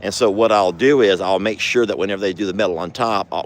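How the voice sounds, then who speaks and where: A man's voice: fast talker, hardly any pauses. A man hosting a casual farm vlog, sweet-talking his animals. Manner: coos at animals in sweet, high baby talk. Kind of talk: casual chat.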